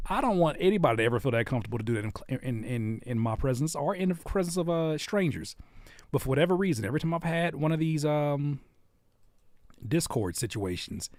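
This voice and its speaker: Animated man hosting a live stream. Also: medium pitch, dry recording. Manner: animated and playful, reads chat aloud and teases viewers. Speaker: host of a live music reaction stream. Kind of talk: casual live-stream chat.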